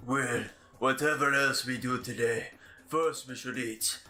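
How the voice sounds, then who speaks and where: A man's voice: mid-range voice, fairly even intonation, a little slow, sharp tone, soft background music. A man voicing an earnest young male student leader in a fan dub of a game.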